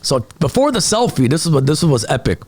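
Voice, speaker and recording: A man who is a comedian, telling stories as a guest in a casual podcast chat, animated and profane. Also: a little high, brisk, slightly rough. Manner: animated storytelling, frequent swearing.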